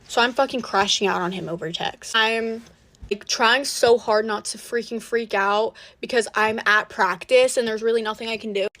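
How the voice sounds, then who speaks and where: A woman's voice: fairly high pitch, moderate pace, a bit bright. Chatty young woman telling a story. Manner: dramatic, swears, heavy use of "like". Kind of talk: casual storytime.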